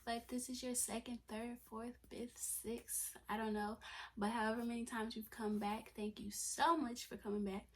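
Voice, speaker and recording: A woman's voice: fairly high pitch, little pitch movement, normal speed. A woman, telling her personal story in a chatty vlog. She often drops to a near whisper and repeats and restarts her phrases. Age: 20s. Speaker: vlogger.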